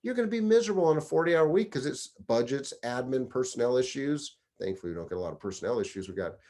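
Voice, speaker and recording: Here the middle-aged deputy fire chief talks fast in a dark, expressive mid-range voice. He hands out career advice casually, spinning stories and acting out what people said.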